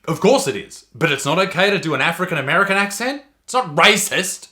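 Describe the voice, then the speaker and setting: Bright, high-voiced mocking man. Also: animated, quick pace. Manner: profane, mocking, sarcastic. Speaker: comedian commentator. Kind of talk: ranting commentary video.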